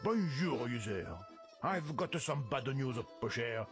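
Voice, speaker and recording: An actor voicing a suave game program with a French accent, smooth and sly. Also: male voice, medium pitch, lively intonation, slow. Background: game music.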